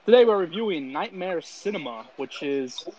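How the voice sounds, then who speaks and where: A man's voice: high voice, animated, normal speed, darkish tone, poor audio. A man co-hosting a podcast in casual chat, laid-back and loose as he runs through the episode. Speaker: podcast co-host.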